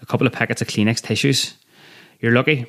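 A man's voice: mid-range voice, steady tone, fast talker, fairly bright tone, natural voice. A man voicing a smug, condescending male prison guard who drawls his words.

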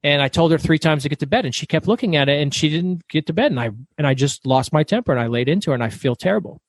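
A middle-aged man telling stories as a guest author in an interview, talking fast and loud. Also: fairly high pitch, dry recording. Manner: fast, loud, animated storyteller. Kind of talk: storytelling interview.

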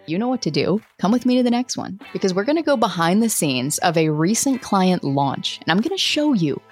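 A woman hosting a solo podcast, teaching with energy and acting out her listeners' complaints in quick voices. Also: mid-range voice, breathy edge, dry recording, faint music behind. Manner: animated, acts out listeners' voices. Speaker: podcast host and coach.

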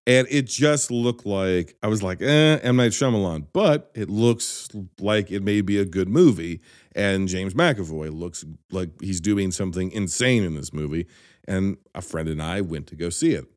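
A man's voice: low voice, expressive, a little slow, dry recording, studio quality. A man hosting a casual movie podcast, talking conversationally and leading the questions.

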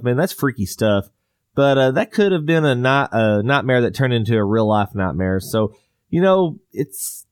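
A man's voice: medium pitch, clear, resonant tone, dry recording, studio quality. Laid-back rambling man. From Southwest US. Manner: rambling storyteller, laughs often. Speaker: podcast host. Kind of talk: casual chat.

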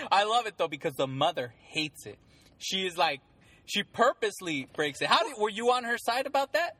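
A man chatting casually about a movie, excitable and laughing often as he retells scenes. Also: sits high, moderate pace. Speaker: co-host of a movie discussion. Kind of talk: casual chat.

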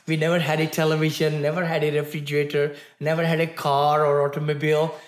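A man's voice: a little high, monotone, fast talker. Cheery indian guy in his 60s, laughs a lot, roomy echoey sound. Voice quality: cheerful, laughs often, upbeat and eager. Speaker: guest. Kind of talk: casual chat.

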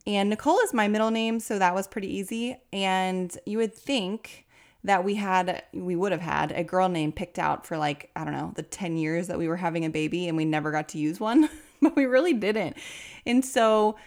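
A thirties woman who hosts a podcast speaks at a moderate pace in a lowish voice. She tells her listeners a personal story in a chatty way, laughing often and getting animated when she quotes other people.

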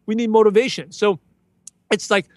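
A man's voice: high-pitched, fairly even intonation, moderate pace, dry recording. A man as a podcast guest, talking in an earnest, motivational way with lots of "right?" and fillers. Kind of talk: casual interview chat.

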